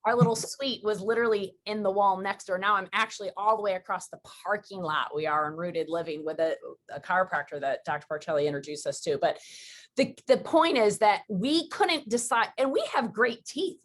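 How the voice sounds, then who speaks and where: A woman from Western New York hosting a podcast, chatting casually and telling stories with quick, rambling asides. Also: medium pitch. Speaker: podcast host. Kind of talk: casual interview chat.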